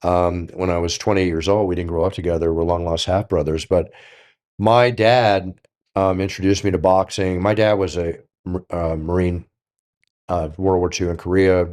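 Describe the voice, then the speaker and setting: An older man telling stories on a podcast in a casual, animated way, acting out the dialogue. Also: low-pitched, moderate pace. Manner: animated, acts out quoted dialogue. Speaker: guest storyteller.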